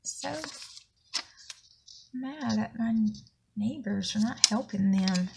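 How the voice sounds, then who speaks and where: A woman's voice: mid-range voice, slow, gravelly, pauses often, a little hiss or hum. A woman with a Southern US accent telling a long indignant story in a chatty vlog, slightly out of breath. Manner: chatty, indignant rambling anecdote. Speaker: planner vlogger.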